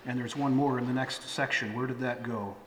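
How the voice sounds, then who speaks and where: A man's voice: mid-range voice, fairly even intonation, fairly quick, background noise. A middle-aged man, a pastor, preaching a sermon in a conversational way, with fillers and restarts. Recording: echoey hall with faint ambience.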